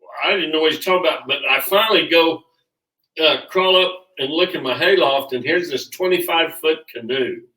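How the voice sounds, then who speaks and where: An older grandfather from Kansas spins a story slowly and plainly, pausing on filler sounds. His voice sits a little high and sounds bright, and it carries the roomy ring of a mic set well back. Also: recorded from a distance. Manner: unhurried, folksy, with filler uhs. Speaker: guest, rodeo father. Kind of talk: casual storytelling.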